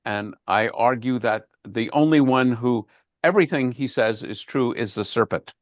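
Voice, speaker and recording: Rabbi teaching an online class: mid-range male voice, dry video-call audio, unhurried and thinking aloud. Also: medium pitch, no room sound, highs cut off. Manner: thoughtful, repeats words while thinking. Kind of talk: informal online Bible class.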